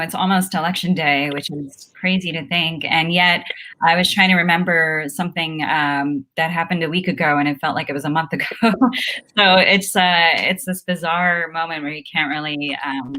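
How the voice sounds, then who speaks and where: A woman's voice: sits low, fairly even intonation, normal speed, pushed and bright. A woman editor being interviewed over a video call from her home, talking casually with lots of ums. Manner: chatty, many fillers. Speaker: guest, newspaper editor. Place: home room.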